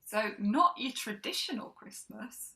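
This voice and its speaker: Woman, co-host; bright, giggly storyteller who trails off and restarts. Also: on the high side, animated, measured pace, low-quality recording. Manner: laughs often, trails off and restarts. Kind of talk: casual chat.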